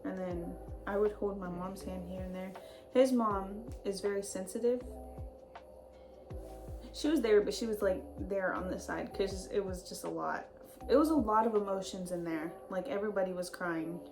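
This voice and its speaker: A woman's voice: mid-range voice, moderate pace. A young woman and new mother casually telling her labor story in a chatty way, full of "like" and easy laughs. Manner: chatty, lots of "like", laughs easily. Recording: background music under voice. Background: music.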